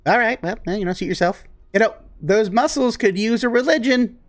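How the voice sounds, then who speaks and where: A man's voice: high-pitched, brisk, pitched above the performer's own voice, close to an everyday voice. A man playing an easygoing demon cult leader. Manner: casual, easygoing, recruiting with a shrug. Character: laid-back male bear-faced demon cult leader. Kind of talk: tabletop role-play.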